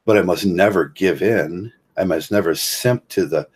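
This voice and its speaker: Speaking low with a darkish, husky tone, a Midwestern-accented man from Ohio hosts a livestream and wanders through philosophical ideas. His delivery halts, packed with fillers and restarts, and he frequently chuckles.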